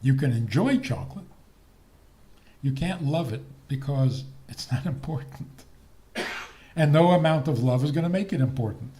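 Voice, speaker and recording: An older man, a rabbi, giving a talk on faith and marriage in a teasing, deliberate manner. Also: mid-range voice. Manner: lively, teasing, slow deliberate delivery with laughs.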